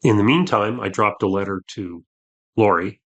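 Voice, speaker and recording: A man, a podcast guest earnestly telling a personal story, with halting restarts. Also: lowish voice, highs cut off.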